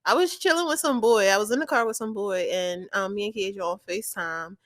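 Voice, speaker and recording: A young adult woman co-hosting a podcast, telling stories in an animated, laughing way during casual chat. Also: medium pitch, brisk. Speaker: podcast co-host.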